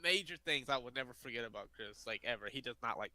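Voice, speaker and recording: A man's voice: mid-range voice, expressive, fast talker, pushed and bright, dry recording, low-quality recording. A man from the US South co-hosting a casual podcast, rambling and joking with lots of fillers. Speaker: podcast co-host.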